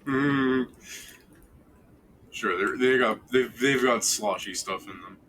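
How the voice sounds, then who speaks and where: A man's voice: mid-range voice, slow pace, a bit bright, a little hiss or hum, rough recording. A man running a tabletop game over voice chat, laid-back and swearing casually. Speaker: game master.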